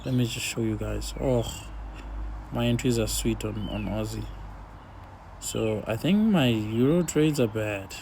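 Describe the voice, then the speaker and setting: Casual trader, male, young adult, gravelly and dark-toned, thinking aloud on screen. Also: lowish voice, a little slow, a little hiss or hum. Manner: laid-back, talks to himself while watching charts. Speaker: forex trader. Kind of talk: casual screen-share trading commentary.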